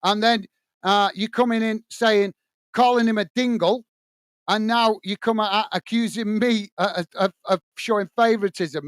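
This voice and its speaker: A man's voice: high-pitched, moderate pace, fairly bright tone, no echo. A man from England hosting a live football watch-along, scolding a commenter bluntly and then describing the play to viewers. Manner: blunt, irritated ranting at a commenter.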